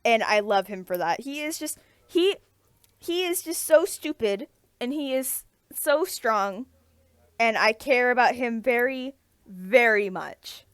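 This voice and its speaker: A woman's voice: a little high, expressive, slow pace, a bit bright, clear, resonant tone, no echo. A woman co-hosting a casual chat, talking with eager enthusiasm and many restarts. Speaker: podcast co-host.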